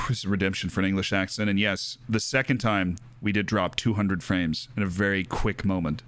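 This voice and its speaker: A young man doing excitable live commentary while streaming a game, jokey and quick to shout and cheer. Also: low voice, soft background music.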